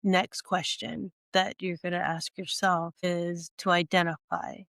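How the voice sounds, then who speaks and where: Slow, stuffy-nosed woman coaching. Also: on the low side, level tone, fairly bright tone, no echo. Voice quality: nasal from congestion. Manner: slow, deliberate and earnest, with many restarts. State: stuffy nose, sniffling. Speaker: speaker and coach. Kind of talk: teaching monologue.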